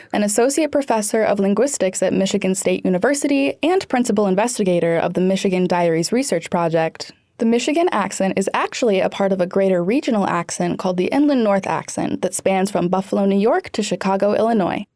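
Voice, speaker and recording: A woman's voice: mid-range voice, lively intonation, fast, hardly any pauses, darkish tone, dry recording, studio quality. A woman reporter reading a scripted news story with a playful touch.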